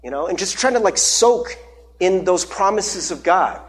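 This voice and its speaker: A man's voice: sits high, expressive, moderate pace. A man preaching a conversational sermon as pastor, with many fillers and repeated words.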